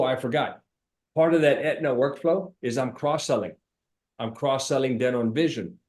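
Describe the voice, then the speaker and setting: A middle-aged man giving a casual sales training talk, voice mid-pitched and ordinary for a man. He talks in an emphatic, animated way and drives points home by repeating them. He sounds like an agency owner coaching other agents.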